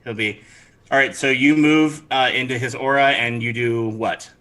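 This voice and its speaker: A man running a tabletop game as game master, narrating lively and laughing, stopping to correct himself. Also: medium pitch, normal speed.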